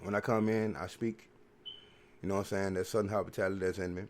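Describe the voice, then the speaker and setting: A man's voice: deep voice, little pitch movement, fast, a little hiss or hum. A man hosting a podcast, rambling through a casual, profane, preachy monologue full of repeated filler phrases. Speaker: podcast host.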